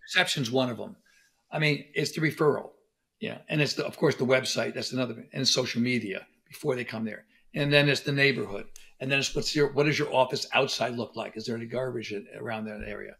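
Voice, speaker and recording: A middle-aged man telling stories as a guest on an interview, animated and acting out quoted lines. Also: medium pitch, fairly quick, vocal fry. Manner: animated storyteller, acts out quotes. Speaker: podcast guest, dentist. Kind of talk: conversational interview.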